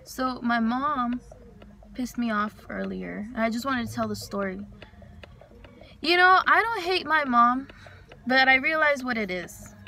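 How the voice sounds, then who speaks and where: A young woman sits in her car and vents in a loose, rambling monologue, swearing freely as she goes. Her voice sits a little high and sounds bright and forceful. A faint hum of noise runs underneath. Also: lively intonation, a little slow, gravelly, pauses often. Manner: frank, rambling, heavy swearing. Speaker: vlogger. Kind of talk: casual venting monologue. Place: inside a parked car.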